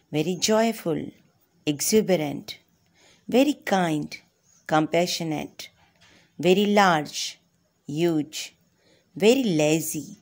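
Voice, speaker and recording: Indian english lady teacher, lowish voice, reads word pairs real slow. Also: darkish tone. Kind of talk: slow vocabulary list reading.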